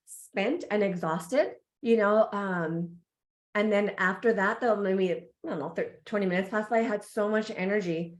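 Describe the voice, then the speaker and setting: Animated woman guest telling a candid story. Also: medium pitch. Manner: animated, laughs often, acts out reactions. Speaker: podcast guest, embodiment coach.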